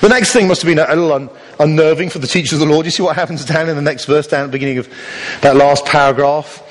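A man's voice: on the high side, steady tone, very fast. A man preaching a sermon in a church, telling stories in a conversational way with playful asides. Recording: long reverb of a church hall.

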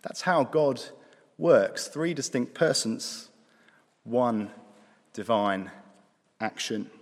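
A man preaching a sermon in a conversational way, with dry asides, slowing down for emphasis. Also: mid-range voice, animated. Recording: long hall reverb.

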